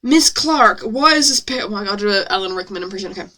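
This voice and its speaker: Bright-voiced woman reading aloud. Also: mid-range voice, expressive, quick pace. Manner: playful, self-mocking asides. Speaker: streamer. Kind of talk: reading her own novel aloud with commentary.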